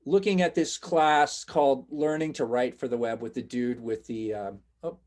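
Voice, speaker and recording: A man's voice: mid-range voice, steady tone, moderate pace, a little mellow. Reassuring male instructor on a video call. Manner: reassuring, chatty, encouraging questions. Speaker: college instructor. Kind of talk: casual online class lecture.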